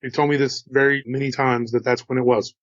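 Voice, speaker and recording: This Texan host speaks briskly in a level, mid-range voice, captured muffled and with no room sound. He relates encounter stories with a slight drawl, chatting casually and adding folksy remarks to his audience.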